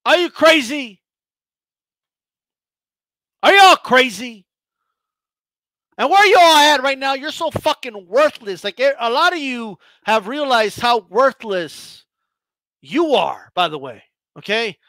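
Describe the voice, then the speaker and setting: High-voiced man on a profane rant. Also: expressive, slow, long pauses, sharp tone, no room sound. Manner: heated, profane, stammering restarts. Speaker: boxing channel host.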